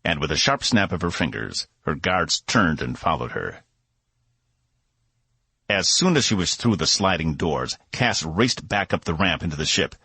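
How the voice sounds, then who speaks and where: A man reads an audiobook in a low, husky voice. His delivery moves widely in pitch, and the recording is dry and close. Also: measured pace, no echo. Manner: expressive storytelling. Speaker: audiobook narrator. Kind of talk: scripted narration.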